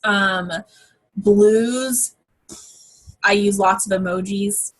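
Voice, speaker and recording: Woman, team trainer, chatty and informal, husky mid-pitched voice. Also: fairly even intonation, very slow. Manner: chatty, frequent fillers and exclamations. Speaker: network marketing team trainer. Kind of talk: casual training talk. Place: home office.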